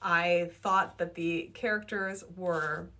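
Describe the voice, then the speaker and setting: A woman's voice: fairly low pitch, steady tone, takes it slowly, sharp tone. Young woman book vlogger, casual and enthusiastic, piles on emphasis. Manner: enthusiastic and gushing, repeats herself for emphasis. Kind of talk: casual book review vlog.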